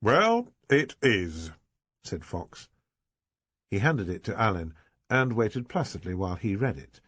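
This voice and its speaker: A man reading a classic detective novel aloud in a measured, scripted storytelling manner. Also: fairly low pitch, lively intonation, fairly bright tone, slightly rough, no echo. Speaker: audiobook narrator. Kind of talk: scripted audiobook narration.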